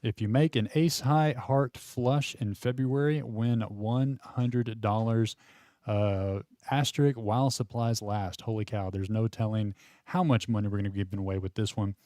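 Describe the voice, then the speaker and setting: A man's voice: on the low side, fairly even intonation, moderate pace, warm tone, no room sound, clean studio sound. A man hosting a live poker stream, chatting casually with fillers and frequent laughs.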